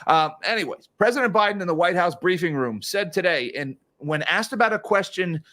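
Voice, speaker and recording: A man's voice: sits high, expressive, brisk, pushed and bright. A man hosting a casual livestream of market commentary, chatty and given to sarcastic asides. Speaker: financial commentary host.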